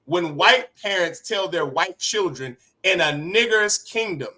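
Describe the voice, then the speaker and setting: A man teaching a class as an impassioned preacher, with rhetorical questions and sharp swings in loudness. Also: high-pitched, lively intonation, measured pace. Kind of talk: street-preacher sermon.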